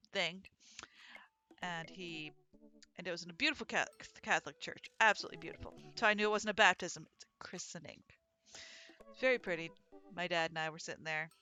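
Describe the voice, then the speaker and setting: A woman playing a dating game on stream, chatting and telling stories in an animated, casual way. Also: fairly low pitch. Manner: animated, chatty, swears and laughs. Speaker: let's play streamer. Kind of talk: casual gameplay commentary and storytelling.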